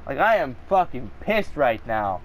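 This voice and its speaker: A man's voice: medium pitch, very animated, unhurried, slight background noise. A man giving live gameplay commentary, swearing and ranting angrily at the game. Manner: profane, angry ranting at the game. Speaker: gaming video creator.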